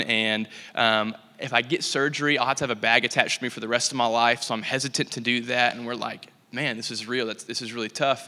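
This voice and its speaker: A young man giving a casual, animated story-filled talk in church, full of likes and ums. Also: medium pitch. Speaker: church speaker. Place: church hall. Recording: long hall reverb.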